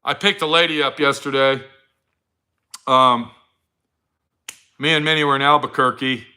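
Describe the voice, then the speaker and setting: A man's voice: medium pitch, steady tone, moderate pace, bright, forceful tone, clear, resonant tone. A middle-aged man giving a blunt, profane motivational talk to his viewers, full of swearing and preachy advice. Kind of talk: profane casual motivational rant.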